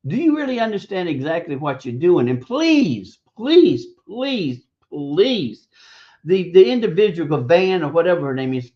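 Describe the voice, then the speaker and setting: A man giving blunt, profane, scornful opinion commentary on a radio stream, halting and hesitant between points. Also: on the high side, a little mellow. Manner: hesitant, halting delivery with drawn-out pauses. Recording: dull lo-fi stream audio.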